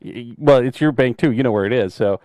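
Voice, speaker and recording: A middle-aged man co-hosts a laid-back podcast and tells stories with a joking edge, now and then breaking into a loud yell. His voice sits at an ordinary pitch and comes across dry and close, with no room sound. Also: quick pace, dry recording. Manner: jokey storyteller, bursts into loud yells. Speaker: podcast co-host, author. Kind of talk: casual chat.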